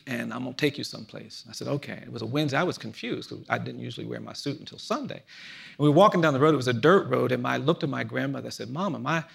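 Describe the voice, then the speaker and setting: A man in his fifties speaking earnestly in a reflective conversation, telling personal stories in a measured way that often drops to a hushed, low voice. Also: expressive, gravelly, husky. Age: 50s. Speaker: guest speaker.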